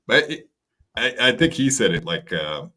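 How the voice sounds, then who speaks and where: A man's voice: fairly low pitch, very animated, normal speed, pushed and bright. A man hosting a podcast, teasing his co-hosts in casual, profane banter. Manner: teasing, swears freely. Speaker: podcast host.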